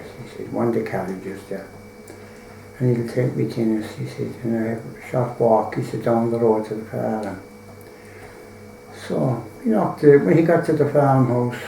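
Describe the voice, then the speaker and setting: A man's voice: medium pitch, creaky, dark tone, reverberant, a little hiss or hum, low-quality recording. An Irish man telling a folk tale in a rambling, colloquial way, full of swearing. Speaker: storyteller.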